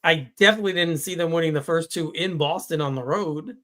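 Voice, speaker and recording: A man's voice: fairly high pitch, fast, pushed and bright. A man hosting a casual sports podcast, talking in a rambling, reflective way and often correcting himself mid-sentence. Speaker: podcast host. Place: home studio on a live stream.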